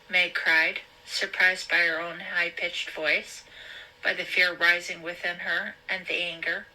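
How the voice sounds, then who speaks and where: A woman hosting a show, reading a thriller novel aloud in a slow, deliberate storybook style. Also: fairly low pitch, level tone, sharp tone, low-quality recording.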